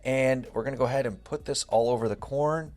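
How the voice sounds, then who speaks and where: A young man hosting a home cooking video, walking through each step in a relaxed, chatty way. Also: mid-range voice, fairly quick, no room sound. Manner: relaxed, step-by-step instructions with frequent "gonna go ahead". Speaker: home cook and channel host. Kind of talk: casual cooking walkthrough. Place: home kitchen.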